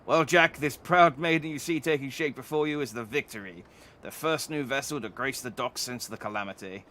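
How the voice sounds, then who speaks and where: A man's voice: mid-range voice, a little fast, sharp tone, lightly acted. A man reading the lines of a stern, proud shipyard master in a stiff, formal, declamatory way.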